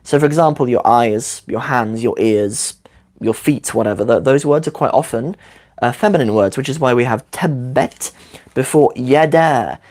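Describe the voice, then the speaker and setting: Man, croaky voice from a cold, chatty and upbeat, live-streamed lesson, desk mic. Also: mid-range voice, darkish tone. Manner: chatty, upbeat, quick asides. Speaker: Arabic teacher. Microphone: desk microphone.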